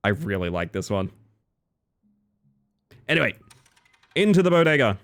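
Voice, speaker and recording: A male streamer talks his way through a game for his viewers in a playful, giggly manner. His mid-pitched voice swings widely up and down as he jokes and reacts. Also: very animated, moderate pace, fairly bright tone, faint music behind. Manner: playful, giggly, jumps into squeaky silly voices. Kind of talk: live-streamed gameplay chat.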